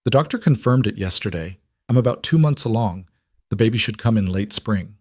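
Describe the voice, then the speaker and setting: A man lending his low voice to a gentle young wife on the frontier, earnest and tender, speaking softly in a western storybook tale. The recording is dry and close, with no room sound at all. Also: animated, brisk, no room sound.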